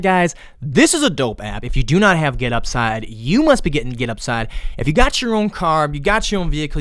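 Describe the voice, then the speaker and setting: A man running a solo podcast in a loose, profane, rambling way. His voice sits a bit high for a man and is recorded close and dry, with no room sound. He drops into quiet muttering, then jumps up loud and eager when he pitches something. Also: no room sound. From Minnesota. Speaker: podcast host. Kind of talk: casual solo podcast monologue.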